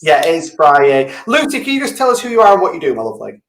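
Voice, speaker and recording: A chatty man hosts a live show, his voice swinging lively up and down as he rambles into self-mocking asides. He sits a touch high for a man, and the room around him is echoey. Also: quick pace. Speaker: show host. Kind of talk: casual live show chat.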